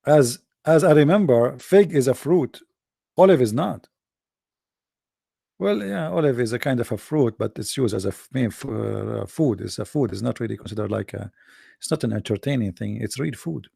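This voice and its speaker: Gravelly-voiced man hosting a debate show. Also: medium pitch, lively intonation, moderate pace, mellow, dry recording, clean studio sound. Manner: emphatic, mocking, repeats himself. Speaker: host of an online debate show. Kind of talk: casual monologue to a live audience.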